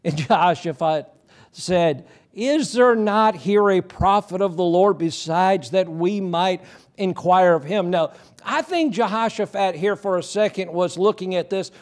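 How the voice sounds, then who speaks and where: A man with a notably high voice preaching to his congregation. He retells scripture in his own words, stumbling and restarting phrases as he goes. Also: measured pace. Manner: preaching with many repeated starts and retold Bible dialogue. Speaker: pastor. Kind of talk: sermon.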